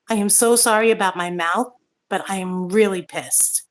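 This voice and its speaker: A woman's voice: medium pitch, normal speed. A middle-aged woman hosting a casual talk show, ranting angrily and swearing as she reads out viewer comments. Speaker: host. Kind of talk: casual chat.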